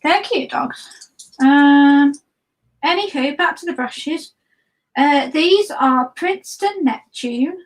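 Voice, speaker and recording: A woman's voice: high voice, slow, soft background music, rough recording. A woman, a guest artist chatting through a live watercolor demo in a rambling, friendly way with many ums and restarts. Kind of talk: live-stream art demo chat.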